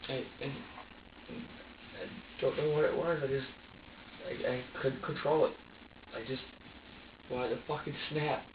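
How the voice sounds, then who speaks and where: A man being questioned by police, talking in a halting, repetitive way, restarting sentences and quoting himself, with an emotional delivery that moves between tense and subdued. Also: medium pitch, fairly even intonation, noisy background. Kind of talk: police interrogation recording. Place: police interview room. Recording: echoey, distant, dull lo-fi room recording.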